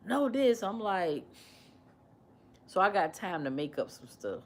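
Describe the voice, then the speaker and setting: A woman chats live with her viewers, her pitch swinging widely as she repeats her questions. She talks in a casual, animated way and mimics what her commenters say. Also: a little slow. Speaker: livestream host. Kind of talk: casual livestream chat with commenters.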